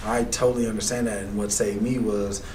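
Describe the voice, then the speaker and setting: A man's voice: on the low side, level tone, brisk, a little mellow. A man hosting a talk show interview, chatting casually and relating his own experiences. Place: radio studio. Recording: distant mic with noticeable background noise.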